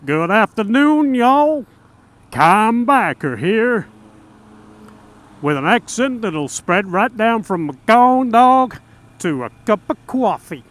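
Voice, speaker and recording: A hammy, drawling American cowboy type, as a rider puts him on. The voice is pitched high above a normal speaking register and stretched out slowly, with every word hammed up. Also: male voice, big pitch swings, fairly bright tone, exaggerated voice. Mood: jokey drawl. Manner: slow, drawling, overdone fake accent. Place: outdoors riding a motorbike.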